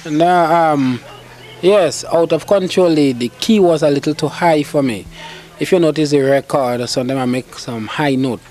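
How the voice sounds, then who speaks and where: Relaxed calypso singer. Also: male voice, on the high side, normal speed. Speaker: calypso singer, interview guest. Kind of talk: casual interview answers.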